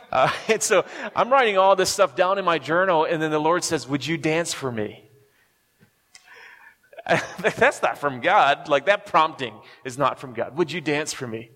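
A male pastor delivers a sermon in a relaxed, conversational way, chuckling often and checking in with his listeners. His voice sits at an ordinary middle pitch. The sound carries the long reverb of a large hall. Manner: conversational, chuckles often, keeps asking "right?".

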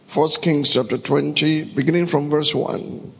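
A man's voice: fairly high pitch, fairly even intonation, a little slow, vocal fry, a little hiss or hum. A man preaching a sermon, emphatic and calling out to the congregation for responses. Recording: long hall reverb.

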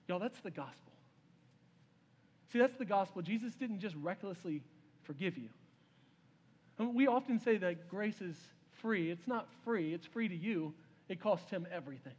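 A male pastor preaching in a church sanctuary, his fairly high voice carrying through a long, ringing reverb. He tells his story with feeling and acts out the characters' words. He speaks straight to the congregation. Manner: storytelling preacher, voices the king's words, addresses the crowd as "y'all". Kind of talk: sermon. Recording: long reverb of a large hall.

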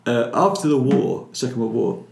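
Older cockney guy, lively storyteller, stumbles a bit on his starts, roomy echo. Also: mid-range voice, normal speed, creaky. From London, England. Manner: animated storyteller, repeats words when starting. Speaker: filmmaker guest. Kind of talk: casual interview chat.

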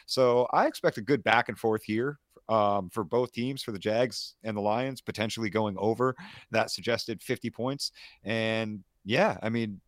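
A man co-hosting a casual fantasy football podcast, from Canada, walking through player stats in an energetic breakdown. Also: fairly low pitch, dry recording, studio quality. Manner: stat-heavy, energetic breakdown. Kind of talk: casual sports podcast analysis.

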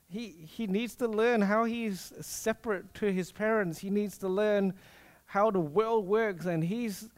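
A young man preaching a sermon, telling a personal story with animated delivery and acted-out quotes. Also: high voice, clean tone.

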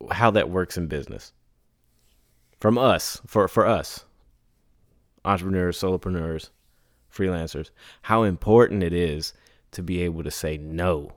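A man hosting a solo podcast, telling business stories in a casual, animated way, acting out others in high put-on voices and laughing between lines. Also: dry recording, clean studio sound. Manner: laughs and sighs often. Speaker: podcast host.

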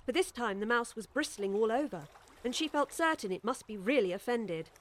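A woman's voice: a little high, animated, fairly quick. Woman narrating a storybook.

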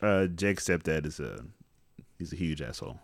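A man's voice: very deep voice, animated, moderate pace, no echo, studio quality. A man in a casual chat, laid back, chiming in with jokes about a movie.

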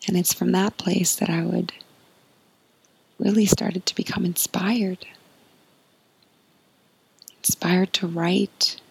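A woman hosting a podcast, giving a soft, earnest spiritual monologue in a breathy, often whispered voice. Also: lowish voice, fairly even intonation, a little slow, pauses often, dry recording, poor audio. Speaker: podcast host.

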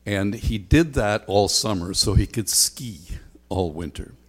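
A man's voice: on the low side, animated, measured pace. A man preaching a sermon as a pastor, talking conversationally with frequent ums and a repeated refrain. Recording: long hall reverb.

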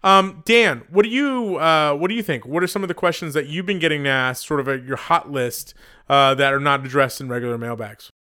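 A man hosting a casual podcast discussion, speaking in a thoughtful, measured way with many fillers. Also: fairly high pitch, bright, forceful tone, clean tone. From United States. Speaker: podcast host.

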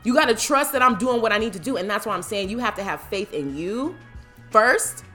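A woman speaks with a bright, forceful tone, driving home each point in a casual motivational talk about faith. She is emphatic and a little preachy, slipping into playful voices when she quotes people. Soft music plays faintly behind her. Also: mid-range voice, expressive, fairly quick.

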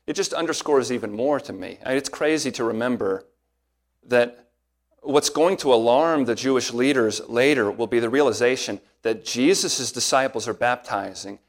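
A man preaching an expository sermon as a pastor, earnest and emphatic, slowing down and speeding up to stress key points. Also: medium pitch.

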